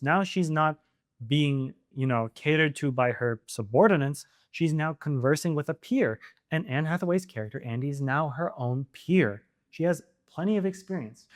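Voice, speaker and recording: A man hosting his own channel, giving casual opinion commentary to camera, animated and firing off exasperated rhetorical questions. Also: a little high, normal speed. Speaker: video essay host.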